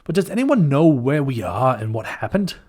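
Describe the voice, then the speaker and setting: A man doing an excitable raccoon girl. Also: normal speed. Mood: excited. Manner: high, excited, says mate and crikey.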